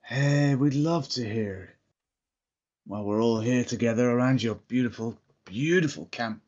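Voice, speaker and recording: A man's voice: mid-range voice, moderate pace, a little mellow. Man, tabletop player, playful banter, casual chat, dull recording.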